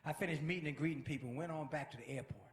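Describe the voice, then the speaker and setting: A man giving a motivational speech with an energetic, preacher-like delivery that builds to shouts. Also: a little high, very fast, roomy sound, slight background noise. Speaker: motivational speaker. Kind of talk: inspirational speech.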